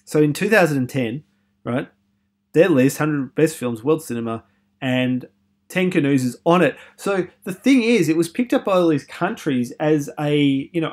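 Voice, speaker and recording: A man's voice: a little high, a little mellow. A man giving a university film lecture, chatty and opinionated, with many fillers, putting questions to his students.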